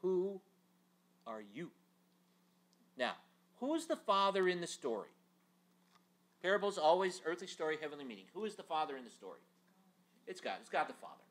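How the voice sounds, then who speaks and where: A man teaching a Bible class, telling the story in an animated way with rhetorical questions. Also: fairly high pitch, moderate pace, pauses often.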